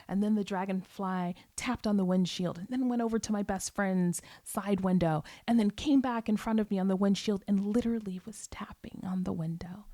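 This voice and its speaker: A woman hosting a podcast, telling a personal story in a candid, reflective way, sometimes dropping to a soft whisper and speaking casually with the odd curse. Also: medium pitch, no room sound, studio quality. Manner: casual, occasionally profane. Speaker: podcast host.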